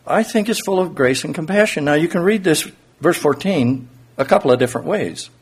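Husky-voiced preacher, lively and conversational. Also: male voice, on the high side, brisk. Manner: conversational, uses rhetorical questions. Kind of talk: sermon.

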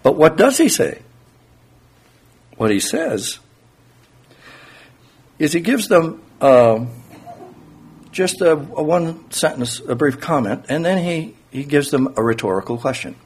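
A man's voice: fairly high pitch, big pitch swings, slow, long pauses, breathy edge. A man preaching a conversational sermon, explaining scripture and asking his listeners rhetorical questions.

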